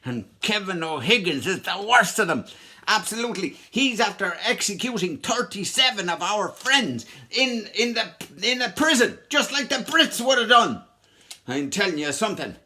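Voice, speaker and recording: A man's voice: sing-song, normal speed, bright, forceful tone, full character voice. A man with an Irish accent playing a bitter, angry male anti-treaty rebel, ranting indignantly in a costumed comic history act for children. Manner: ranting, indignant, then low and scheming.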